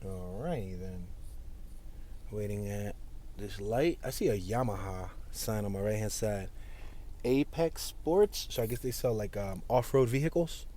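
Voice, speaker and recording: A man's voice: on the low side, expressive, a little slow, warm tone, slight background noise. Chatty man narrating a drive. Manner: chatty and playful, jokes and repeats words. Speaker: vlogger narrating a driving tour. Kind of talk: casual running commentary while driving. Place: inside a moving car.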